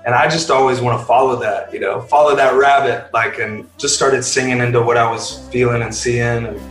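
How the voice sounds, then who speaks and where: A man in a worship band chats earnestly and loosely, full of fillers and restarts. His voice sits at an ordinary middle pitch. The room around him rings with a noticeable echo. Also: fairly even intonation, a little fast, fairly bright tone, soft background music. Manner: earnest, rambling with many fillers. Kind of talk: casual podcast interview.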